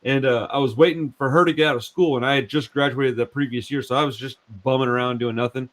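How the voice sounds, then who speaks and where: A man in his forties hosting a podcast, talking in a relaxed way, often saying dude and bro and repeating words as he tells animated stories. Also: medium pitch, fast talker. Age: 40s. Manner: laid-back, says dude and bro a lot, repeats words; animated storyteller. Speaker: podcast host. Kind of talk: casual chat.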